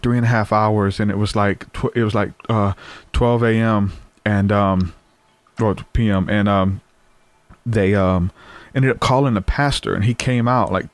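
A man tells his story in an earnest, easygoing way, often restarting his sentences. His voice sits low. The sound is close and dry, with no room echo. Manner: earnest, conversational, frequent fillers and restarts. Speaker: guest sharing testimony. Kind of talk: casual storytelling.

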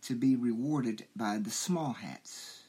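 A man hosting a commentary show, talking slowly and preachily and asking his listeners rhetorical questions. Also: mid-range voice, mellow, breathy edge. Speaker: show host. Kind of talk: commentary monologue.

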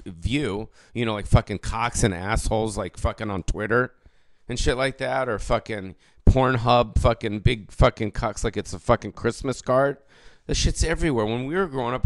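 A man's voice: medium pitch, dry recording. A man of about fifty who hosts a podcast and does stand-up. He rants alone in a rambling, profane way and keeps correcting himself. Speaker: comedian and podcast host. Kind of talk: casual solo podcast rant.

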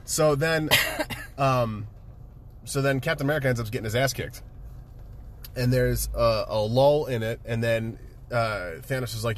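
A man casually retelling a movie with excitement, swearing freely and laughing often. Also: mid-range voice, a little slow, pauses often, slight background noise. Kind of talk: casual chat, movie recap.

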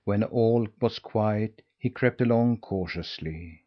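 A man narrating a storybook in a steady, measured reading. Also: lowish voice, highs cut off. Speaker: audiobook narrator.

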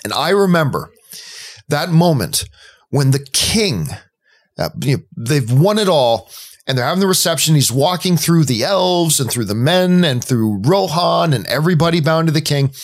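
A man with a slightly raised pitch co-hosts a casual movie podcast. He tells his stories with open emotion and enthusiasm, building up to the moments he loves. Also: very animated, normal speed. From Canada. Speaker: podcast co-host.

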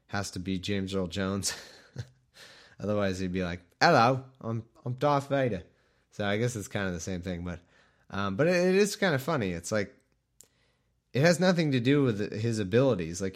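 A man reading scripture aloud in a casual way, breaking off into joking, rambling asides. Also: fairly low pitch. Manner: irreverent, joking, rambling, self-mocking. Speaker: scripture reader.

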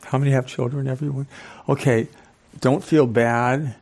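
An older man giving a live lecture to an audience as a speaker and professor, animated, often quizzing listeners with questions. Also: mid-range voice, normal speed. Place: club hall with a live audience.

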